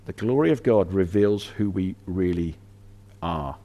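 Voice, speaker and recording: A man preaching a sermon in an animated, conversational way, often restarting his sentences. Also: deep voice, a little slow, lo-fi sound.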